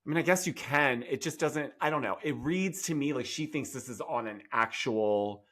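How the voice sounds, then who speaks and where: A man co-hosting a podcast in casual gossip chat, sassy and animated with quick comic asides. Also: medium pitch. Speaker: podcast co-host.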